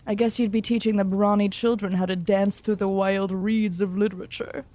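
A woman's voice: medium pitch, flat delivery, normal speed, close to an everyday voice. A woman doing a purring, suave old professor. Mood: seductive. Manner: soft, purring and seductive. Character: suave older British male literature professor.

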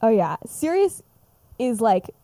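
A young woman with a fairly high but mellow, dark-toned voice, chatting on a podcast with a close, dry mic. She is animated and giggly. She keeps jumping into the characters' lines as she retells her story. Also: slow pace, dry recording. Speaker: podcast co-host. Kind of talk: casual chat, retelling her own story.

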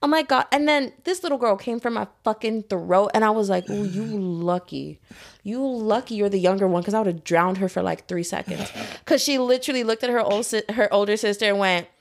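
A woman's voice: mid-range voice, fast talker. A young woman in casual podcast chat, telling stories with lots of laughter and swearing. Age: young adult. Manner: animated storytelling, swearing, laughing.

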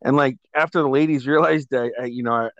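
A man's voice: medium pitch, fast talker, no echo, highs cut off. A man telling rowdy party stories in a casual chat, swearing freely and laughing as he goes. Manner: profane, animated storytelling with laughter. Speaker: host.

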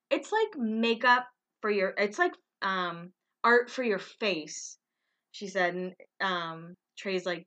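Bright-voiced chatty woman vlogging. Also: on the low side, animated, measured pace. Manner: chatty, rambling, self-correcting, laughs often. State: tired. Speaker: vlogger recapping a reality show. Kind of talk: casual unscripted chat, one take.

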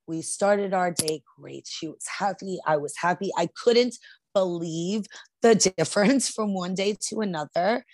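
A woman's voice: low voice, no room sound. A middle-aged woman co-hosting a podcast, telling a personal story in an earnest, casual way with frequent restarts. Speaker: podcast co-host.

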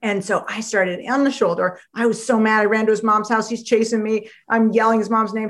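A woman author, a guest on a podcast, talking in an animated storytelling way and acting out quoted voices. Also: a little high, a little fast, few pauses. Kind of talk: podcast interview conversation.

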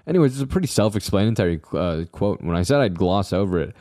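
A man's voice: low voice, a little fast, dark tone, no room sound, clean studio sound. A young man hosting his own podcast, rambling casually with jokey, self-deprecating asides to his listeners. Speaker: podcast host. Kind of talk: casual solo podcast monologue.

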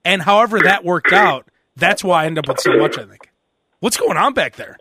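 A man's voice: sits high, moderate pace, very noisy. A man hosting a podcast, telling a casual story with lots of laughter and acted-out voices of the people in it. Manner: animated, mimics people in his stories, laughs a lot. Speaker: podcast host.

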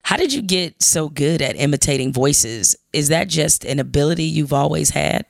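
A woman's voice: low-pitched, expressive, moderate pace, gravelly, no echo, clean studio sound. A woman hosting a podcast interview, asking direct, upbeat questions. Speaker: podcast host.

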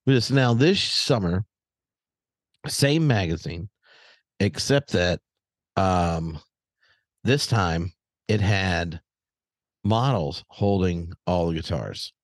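A man telling a long story in casual chat, animated and rambling with many fillers and restarts. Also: low-pitched, slow, long pauses, dry recording. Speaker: podcast guest.

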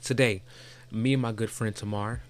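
A man from the United States hosting a casual podcast, animated and joking, often loud and expressive. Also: lowish voice, normal speed. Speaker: podcast host. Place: indoor podcast setup.

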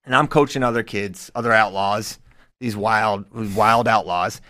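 A man's voice: on the low side, measured pace. A man co-hosting a podcast, a wrestling coach, chatting casually and acting out quotes while he tells stories. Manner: animated storytelling, acts out quotes. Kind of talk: casual chat.

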